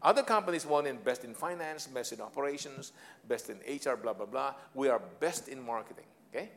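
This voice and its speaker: A man's voice: medium pitch, expressive, fairly quick, fairly bright tone. A man in his sixties with a Filipino accent, giving a humorous motivational talk on leadership. He tells personal stories with theatrical flair, chuckles at his own jokes and slips into Tagalog phrases. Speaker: speaker on leadership.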